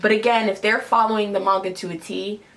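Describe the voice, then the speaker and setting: A woman's voice: mid-range voice, steady tone, fast, a bit bright. Opinionated woman hosting a casual review. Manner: opinionated, conversational. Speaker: host.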